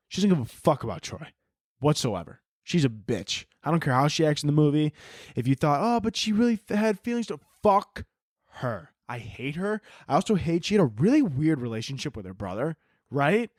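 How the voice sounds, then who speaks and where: A young man hosts a solo podcast in an animated, profanity-laced rant. His voice sits high for a man, and the recording is dry and close with no room echo. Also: fairly quick. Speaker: podcast host.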